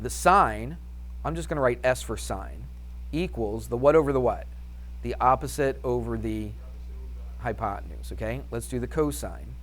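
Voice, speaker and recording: A man's voice: medium pitch, animated, normal speed. A man teaching a math class, upbeat and chatty, firing questions at the students and answering them himself. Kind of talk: classroom lesson.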